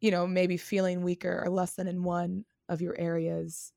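A woman performer, a guest on an interview show, telling an audition story casually. She is animated and chatty, laughs often and uses many fillers. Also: lowish voice, normal speed, gravelly, dry recording, clean studio sound.

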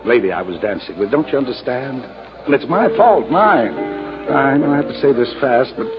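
An actor in 1940s radio acting, playing an anxious, secretive society bachelor who talks in an urgent, pleading way. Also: male voice, medium pitch, lively intonation, normal speed, close to an everyday voice. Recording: lo-fi old radio recording with music.

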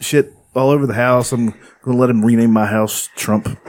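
A man's voice: mid-range voice, fairly even intonation, normal speed, a little mellow, slight background noise. A man hosting a podcast, chatting crudely and jokily, laughing often and swearing freely. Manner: laughs often, jokey and profane. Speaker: podcast host. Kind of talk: casual crude banter.

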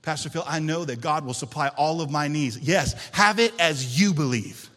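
A male pastor preaching a sermon to his church, shifting between loud emphatic lines and quiet intense ones and calling out for amens. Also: a little high, animated, moderate pace, hardly any pauses, big-room sound. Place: church sanctuary.

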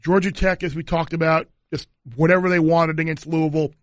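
Higher-voiced man reading off betting stats. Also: little pitch movement, dry recording, clean studio sound. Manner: measured, stat-heavy, agreeable. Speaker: podcast co-host, sports betting picks. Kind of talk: casual sports betting chat.

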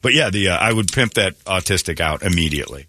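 A man's voice: deep voice, expressive, fast, sharp tone, breathy edge. A man hosting a morning radio show, chatting casually and acting out quotes in raised voices as he tells a story.

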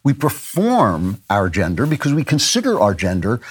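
Low-voiced host, unhurried with fillers. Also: male voice, huge pitch swings, breathy edge. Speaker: podcast host answering listener questions. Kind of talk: casual commentary.

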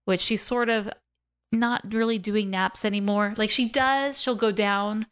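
A woman in her thirties co-hosting a podcast, talking through a film review in a loose, casual way. She is chatty and animated, with frequent laughs and quick asides. Her voice sits at an ordinary middle pitch for a woman. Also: smooth.

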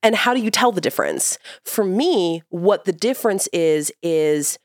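Woman, 30s, parenting podcast co-host; thoughtful and easy to laugh, slightly low voice, dry close mic. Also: animated, moderate pace, dry recording. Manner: reflective, laughs often, explains carefully. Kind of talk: casual parenting chat.

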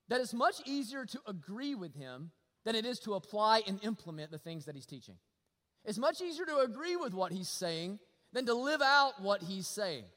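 A pastor preaching a sermon, folksy and animated, with humor and repetition. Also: male voice, high voice. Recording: long hall reverb.

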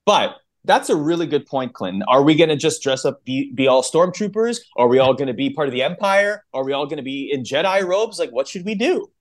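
A man's voice: a little high, animated, a little fast, hardly any pauses. Enthusiastic man hyping a live show. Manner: enthusiastic, playfully over the top. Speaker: podcast co-host. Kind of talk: excited podcast announcement and chat.

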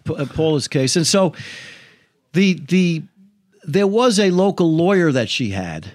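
A man, an attorney, recounting a case in a podcast interview, halting and full of filler sounds. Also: fairly high pitch, sing-song, darkish tone, no echo, clean studio sound.

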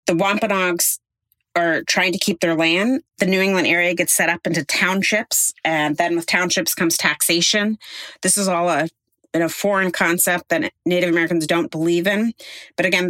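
An interviewee explaining history in a lively, storytelling way. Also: mid-range voice, no echo.

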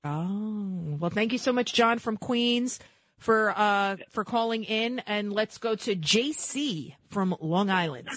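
A woman's voice: mid-range voice, slow, a bit bright. Chatty opinionated woman radio host. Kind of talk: talk radio hosting. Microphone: studio mic.

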